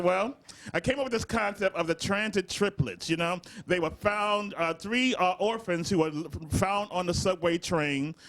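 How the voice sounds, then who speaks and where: A man's voice: high-pitched, fairly bright tone. A middle-aged man from the Southern United States, a comedy writer chatting in an interview and telling stories with frequent laughter. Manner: laughing storyteller, breaks into laughter. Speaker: comedy writer and show creator. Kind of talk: casual interview chat.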